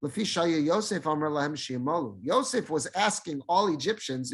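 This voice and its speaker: A middle-aged rabbi teaching a Torah class, reading Hebrew verses and explaining them in casual English, acting out the lines of the people in the story. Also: male voice, a little high, lively intonation, normal speed, hardly any pauses, breathy edge.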